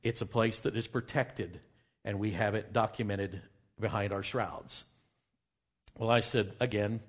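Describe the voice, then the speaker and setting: A man telling a dramatic first-person story while pointing out pictures, dropping to hushed tones for quoted exchanges. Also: on the low side, steady tone, unhurried. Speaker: speaker presenting travel findings. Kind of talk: storytelling talk with slides.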